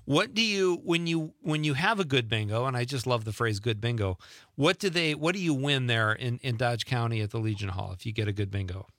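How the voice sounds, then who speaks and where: A man's voice: medium pitch, expressive, brisk, a bit bright, no echo, studio quality. A man hosting an evening radio talk show, chatting casually and joking with listeners and guests. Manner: chatty, jokey, reads listener texts aloud. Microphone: studio mic.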